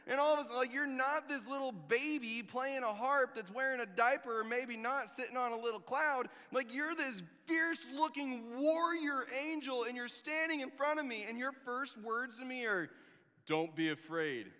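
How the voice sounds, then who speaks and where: A man with a high, bright, ringing voice preaches in a church hall, where his words trail off in a long reverb. He tells the story with lively humor and wry, sarcastic asides. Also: moderate pace, few pauses. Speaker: pastor. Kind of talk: sermon.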